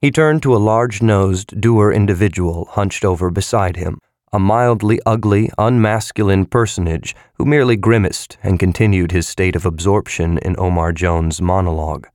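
A man reading a novel aloud as a narrator in a measured, even way. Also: sits low, no echo, clean studio sound. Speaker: audiobook narrator. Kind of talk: scripted narration.

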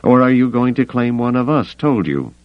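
A man's voice: medium pitch, lively intonation, moderate pace, dry recording, lo-fi sound, pitched above the performer's own voice, close to an everyday voice. A man doing a pressing, pointed male smuggler.

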